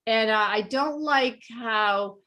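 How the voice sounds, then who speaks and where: Brief: fairly high-voiced woman, chatty panelist, animated storyteller. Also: slow. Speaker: panelist on a sobriety podcast. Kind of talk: casual panel discussion.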